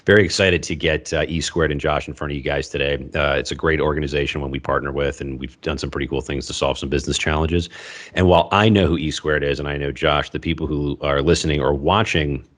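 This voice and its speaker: A man hosting a business podcast, chatting casually in a relaxed, joking way with frequent fillers. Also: rumbling low, fast talker. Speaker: podcast host.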